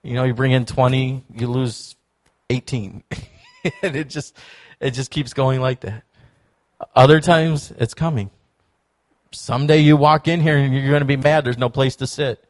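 A man preaching a sermon in a church, telling stories and acting out quoted voices. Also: medium pitch. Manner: storytelling, animated, acts out quoted voices. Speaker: pastor.

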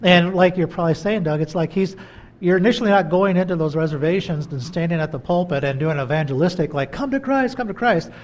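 A man's voice: on the high side, fairly even intonation, fast talker. An older man hosting a faith interview who reflects on scripture in a preachy, musing way. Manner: reflective, preachy, backchannels with "hmm" and "amen". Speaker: interview host.

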